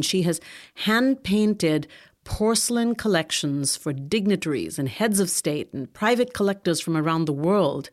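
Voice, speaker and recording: A woman with a somewhat low voice, hosting an interview podcast. She introduces her guest and asks questions in a measured way. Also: a little mellow. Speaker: podcast host.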